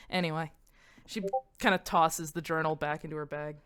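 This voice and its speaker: A woman's voice: sits low, fairly even intonation, moderate pace, fairly bright tone, clear, resonant tone. A woman playing a tabletop game, narrating her character's actions in a casual, swearing, joking way.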